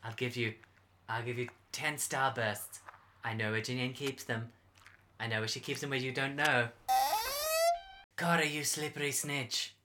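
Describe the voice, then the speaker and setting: A man's voice: mid-range voice, steady tone, noisy background, natural voice. A man playing Spooky, a mumbling furry poet. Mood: frantic. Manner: mumbling, halting with ums, then panicked yelling. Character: Spooky, furry creature poet on the run, melodramatic. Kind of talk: improvised comedy radio sketch. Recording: music playing behind.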